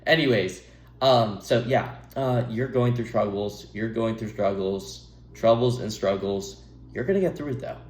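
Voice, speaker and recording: A man's voice: fairly low pitch, measured pace. A young man giving rambling, earnest advice to camera, breaking off to laugh at himself and drift off topic. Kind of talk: rambling casual monologue to camera. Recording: echoey room.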